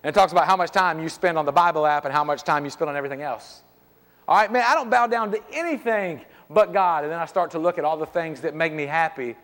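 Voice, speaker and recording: Middle-aged male pastor, high voice, lively and jokey sermon delivery, long church-hall reverb. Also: fast talker. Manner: lively, conversational, joking, peppered with "man". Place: church sanctuary.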